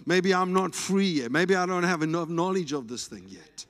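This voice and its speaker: A man with a South African accent preaching a sermon in a church, animated and playful. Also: high voice, normal speed. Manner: animated, playful preaching with food talk and shouts. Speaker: pastor. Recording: reverberant church hall.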